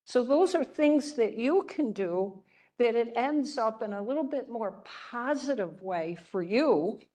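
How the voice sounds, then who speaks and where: Speaking at a medium pitch, an older woman who is a religious sister lectures a class by telling stories. Her manner is gentle and conversational, and she often checks that her listeners are with her.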